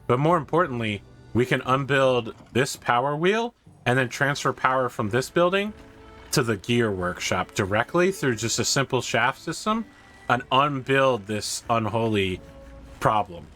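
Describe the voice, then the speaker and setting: A man streaming a city-building game, thinking aloud in casual commentary that rises when he gets excited. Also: mid-range voice, moderate pace, faint music behind. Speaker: gaming streamer.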